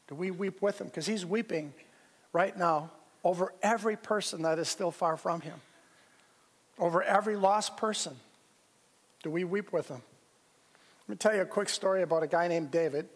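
Pastor preaching in an echoing church. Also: male voice, fairly high pitch. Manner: earnest storytelling, pauses and restarts. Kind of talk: sermon. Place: church sanctuary. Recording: long reverb of a church hall.

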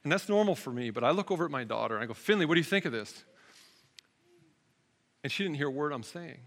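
A man in his thirties preaching in a bright, fairly high voice. He tells stories casually and acts out what he said. The sound carries a long reverb, as in a church sanctuary. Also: expressive, fast talker. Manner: conversational storytelling, acts out his own lines. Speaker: pastor. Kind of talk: sermon.

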